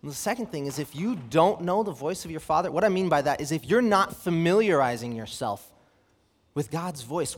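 A young man preaching a sermon, reading scripture and telling a personal story, with lively rhetorical questions. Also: fairly high pitch. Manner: animated, asks rhetorical questions, reads scripture aloud. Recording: long hall reverb.

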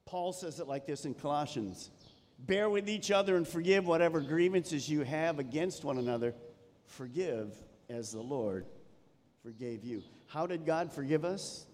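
A man's voice: a little high, moderate pace. Preaching man in an echoing church hall. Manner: animated preaching, dropping to soft emphasis. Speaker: pastor. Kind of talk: sermon. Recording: long reverb of a church hall.

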